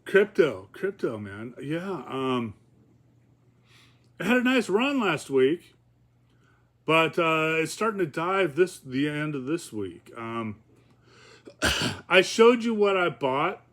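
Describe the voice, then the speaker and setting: A man's voice: fairly high pitch, sing-song, slow, pauses often, a bit bright. A man talking casually in a rambling, profane vlog, with many fillers and chuckles. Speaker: vlogger.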